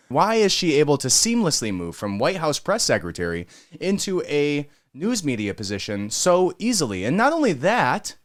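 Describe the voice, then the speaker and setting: A man hosting a podcast who rants in a sarcastic, indignant tone. His pitch leaps up and down with lively emphasis. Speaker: podcast host. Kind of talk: political commentary.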